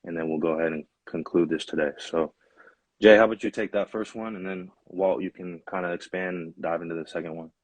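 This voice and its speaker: A young man hosting a podcast, relaxed and steering the casual conversation. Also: low voice, a little fast, husky, dry recording. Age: young adult. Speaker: podcast host. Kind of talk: casual chat.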